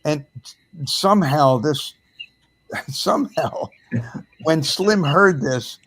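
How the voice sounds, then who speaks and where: An older man, once a radio disc jockey, looks back on his career in a relaxed podcast chat. He tells it as a story, pausing often on fillers. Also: on the high side, slightly rough. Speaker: former radio DJ. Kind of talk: casual reminiscing chat.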